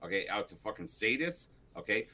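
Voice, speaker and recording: Man, casual podcast banter, crude and jokey, bright edge to the voice. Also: on the low side, very animated, fairly quick. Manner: loud, profane, jokey interjections. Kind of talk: casual chat.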